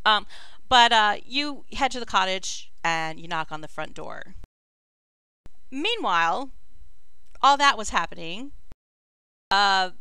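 Woman game master, bright crisp voice, chatty scene narration, dry close sound. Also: mid-range voice, no room sound, low-quality recording. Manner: chatty, descriptive, with frequent fillers. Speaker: dungeon master.

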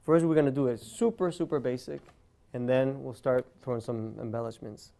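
A man's voice: medium pitch, fairly even intonation, moderate pace, vocal fry, dark tone. A man giving a guitar lesson, explaining step by step and counting beats aloud over his own guitar playing. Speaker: guitar teacher.

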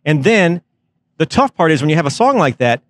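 A male radio host, excitable and gushing, rambling through questions in a casual backstage interview. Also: fairly high pitch, fairly quick.

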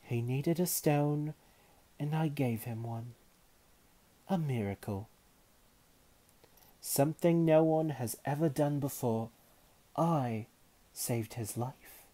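A man's voice: mid-range voice, a little slow, pitched above the performer's own voice. Man voicing a haughty, coldly scheming woman wizard. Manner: haughty and calmly menacing.

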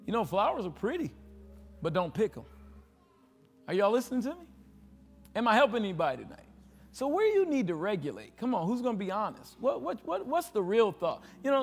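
A male pastor preaching a sermon to his congregation, with call-and-response questions, rising to loud exhortation and dropping to hushed asides. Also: high-pitched, big pitch swings, fairly quick, slightly rough, faint music behind. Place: church sanctuary with a congregation. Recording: livestream with long hall reverb.

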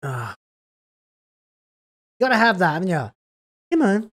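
A woman's voice: fairly low pitch, sing-song, a little slow, soft background music. Sarcastic woman reacting to a trailer. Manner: sarcastic and scathing, exasperated groans. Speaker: YouTube reaction host. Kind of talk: video reaction commentary.

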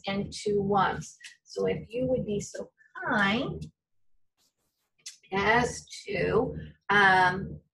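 A woman's voice: mid-range voice, creaky, a bit bright, distant mic, rough recording. A woman teacher giving a patient, step-by-step reading lesson to young children. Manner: patient, slow, step-by-step explaining.

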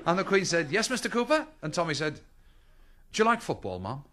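Lively male comedian telling stories. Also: a little high, fairly quick, background noise. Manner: chatty anecdotes, acts out voices, lively. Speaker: stand-up comedian. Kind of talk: stand-up storytelling. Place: stage with live audience laughter.

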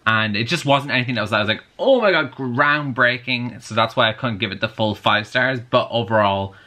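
A man's voice: lowish voice, fairly even intonation, fast, pushed and bright. A man chatting casually in a reading vlog, filling his talk with "like" and drifting into tangents. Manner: chatty, many "like" fillers, goes off on tangents. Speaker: book vlogger.

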